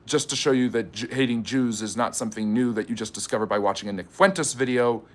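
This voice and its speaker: A man's voice: medium pitch, fast, natural voice. A man putting on a smug, matter-of-fact TV pundit voice while live streaming. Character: man doing a TV pundit impression.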